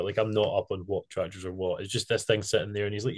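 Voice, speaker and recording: A man hosting a casual podcast, telling stories in an animated way and laughing a lot. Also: fairly low pitch, fast, few pauses. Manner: animated storyteller, laughs a lot, loose phrasing. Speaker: podcast host. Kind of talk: casual chat.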